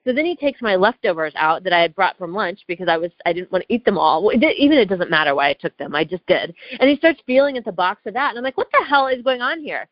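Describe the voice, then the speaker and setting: A woman's voice: on the low side, lively intonation, fast, few pauses. A woman recounts a story in casual chat, chatty and fired up. She keeps checking in with the listener. The sound is muffled and lo-fi, with no room echo. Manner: chatty, heated, lots of "like" and "right?". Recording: dull lo-fi dry recording.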